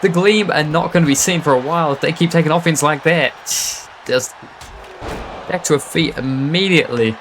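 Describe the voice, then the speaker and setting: A man calling a wrestling match live, rattling off moves between gasps and exclamations. There is clear background noise under his voice from a live stream mix. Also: on the high side, a bit bright, rough recording. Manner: fast reactive play-by-play, frequent gasps and exclamations. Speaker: play-by-play commentator. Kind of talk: excitable wrestling commentary.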